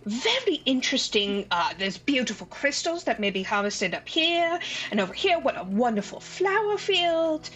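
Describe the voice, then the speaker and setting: A woman's voice: sits high, sing-song, normal speed, few pauses, fairly bright tone. A woman doing a fussy, gushing man. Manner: effusive, flowery.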